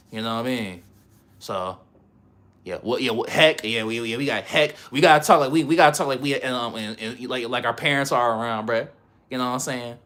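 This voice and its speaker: Bright-voiced rambling male streamer. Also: mid-range voice, a little fast. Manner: rambling, slangy, laughs often. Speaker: livestreamer. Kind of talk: casual livestream chat.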